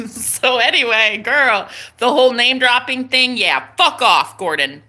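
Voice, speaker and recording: Chatty woman on her live stream, bright voice, swears a lot and keeps laughing. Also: on the high side, takes it slowly. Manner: animated, swears freely, laughs often. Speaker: psychic reader livestreaming. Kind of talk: casual livestream chat.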